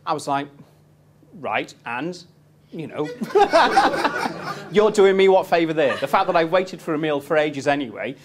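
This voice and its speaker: A man's voice: mid-range voice, a little hiss or hum. A man in his thirties giving a live property investment seminar, telling stories cheekily and quizzing his audience.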